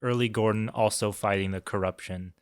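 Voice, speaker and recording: Male podcast co-host, low-pitched, relaxed opinion chat, dry close mic. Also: fairly quick, clear, resonant tone, no echo. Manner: relaxed, laid-back, trailing off with "uh". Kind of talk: casual movie review chat.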